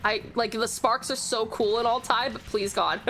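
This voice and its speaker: A woman from Tasmania with an Australian accent, chatting excitably through a live game stream, swearing and laughing readily. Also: a little high, moderate pace, slight background noise.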